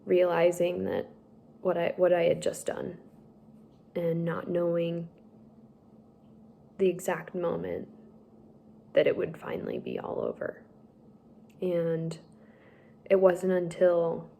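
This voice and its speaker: A young woman slowly telling a personal story, halting and emotional at times. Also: lowish voice, vocal fry, mellow, slight background noise. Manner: slow, halting, tearful at times. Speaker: speaker sharing a personal story.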